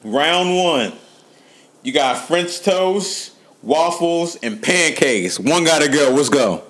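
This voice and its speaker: A man's voice: fairly high pitch, animated, takes it slowly, a bit bright. A man hosting a casual podcast chat, laid-back and slangy, laughing often. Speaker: podcast host.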